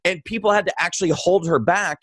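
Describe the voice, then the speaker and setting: Animated man telling a story, dry sound. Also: high voice, fast talker, breathy edge, dry recording. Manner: animated storyteller, acts out quoted lines. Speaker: guest. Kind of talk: casual storytelling conversation.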